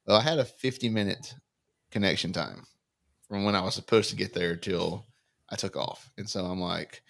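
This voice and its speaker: Lower-voiced man telling a story. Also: normal speed, gravelly. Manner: animated anecdotal storyteller, acts out dialogue. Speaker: podcast co-host. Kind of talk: casual storytelling chat.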